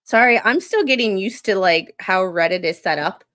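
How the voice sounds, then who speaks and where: A laid-back woman hosts a late-night live stream from home, talking straight to her viewers in an easygoing way. She laughs easily and drifts from one tangent to the next. Her voice sits at an ordinary middle pitch. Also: animated, moderate pace, fairly bright tone. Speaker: streamer hosting a live reaction show. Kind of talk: casual live-stream chat, reading stories and greeting viewers. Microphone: streaming microphone.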